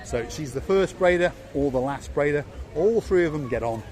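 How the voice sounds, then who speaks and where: Strolling a seaside promenade for his walking-tour vlog, this English host with a Yorkshire accent chats away and doubles up words to stress them. He speaks at a normal speed in a fairly high, darkish voice with lively intonation, while street noise carries in the background.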